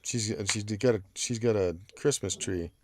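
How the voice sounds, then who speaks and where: A man's voice: lowish voice, measured pace, darkish tone, slight background noise. A man hosting a casual podcast chat, making dry jokes and reading out chat comments. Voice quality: gravelly. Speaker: podcast host.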